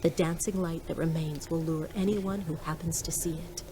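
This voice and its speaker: An actress voicing a calm female ally who guides the player with steady briefings. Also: low voice, normal speed, noisy background, natural voice. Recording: distant game audio over music.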